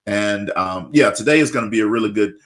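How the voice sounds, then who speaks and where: A man hosting a radio talk show, energetic and repetitive, often tagging on questions. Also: lowish voice, a little fast.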